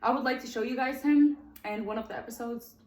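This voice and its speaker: A woman's voice: fairly high pitch, fast talker, darkish tone, roomy sound. A woman in her twenties hosting her own podcast and telling her life story in a chatty, heartfelt way. She is emotional and close to tears at times. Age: 20s. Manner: chatty and heartfelt, often addresses "guys". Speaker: podcast host.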